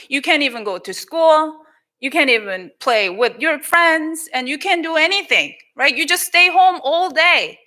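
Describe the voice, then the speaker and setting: A woman with a Korean accent giving a children's sermon in a church, telling a Bible story in an animated way, acting out the people in it and switching between English and Korean. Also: sits high. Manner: animated, acts out quoted lines. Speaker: pastor. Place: church sanctuary.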